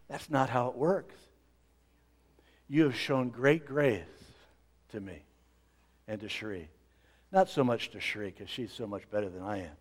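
A middle-aged man preaching a sermon as pastor, swinging between loud emphasis and quiet asides. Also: mid-range voice, a little slow, pauses often.

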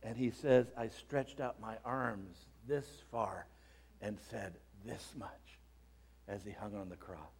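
A man preaching a sermon, reading scripture aloud and explaining it, dropping low and quiet and then building to dramatic shouted peaks. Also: a little slow, husky.

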